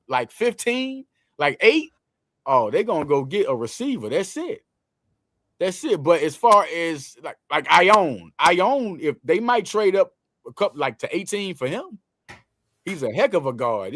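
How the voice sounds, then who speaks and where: A man hosting a casual sports talk show, talking in loose slang with lots of quick restarts. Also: on the high side, no room sound, studio quality.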